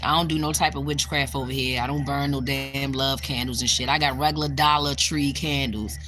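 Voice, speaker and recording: A woman's voice: rumbling low, fairly even intonation, a little fast, over music. A young woman chatting casually on a livestream, bluntly and with a lot of profanity, answering her viewers' comments. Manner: blunt and profane, bursts into loud exclamations; reacts to live chat comments. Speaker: spiritual vlogger.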